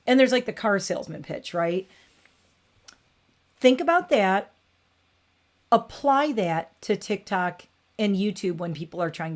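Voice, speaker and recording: A woman's voice: medium pitch, lively intonation, normal speed. A woman hosting a casual livestream, rambling and opinionated, with frequent "like" and restarts. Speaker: beauty channel host.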